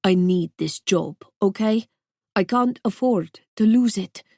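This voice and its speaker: Woman reading a curt, evasive young barman from a thriller audiobook, tense and low. dry, close sound with no room to it, and a calm slow delivery that gives nothing away. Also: dry recording. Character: guarded young male bartender with heavy accent.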